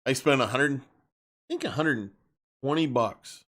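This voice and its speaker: A man's voice: medium pitch, moderate pace, a bit bright. A man hosting a live stream, speaking bluntly and emphatically in a casual rant and often repeating himself.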